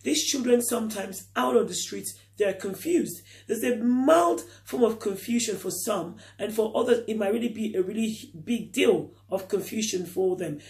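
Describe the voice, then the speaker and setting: A middle-aged man, talking straight to his viewers in a reflective vlog. His voice sits high, and he leans on earnest rhetorical questions. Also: normal speed, few pauses, darkish tone. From Nigeria. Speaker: vlogger. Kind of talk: reflective talk to camera.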